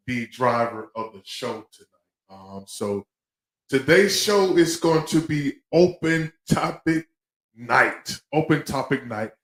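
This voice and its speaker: A man's voice: medium pitch, reverberant, rough recording. A man co-hosting a live talk show, chatting loosely in slang and repeating his phrases. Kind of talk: casual live-stream chat.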